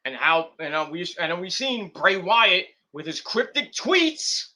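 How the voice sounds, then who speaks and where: A young man hosting a wrestling stream, rambling in casual commentary and acting out scenes with quick put-on voices. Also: sits high, big pitch swings, bright, forceful tone.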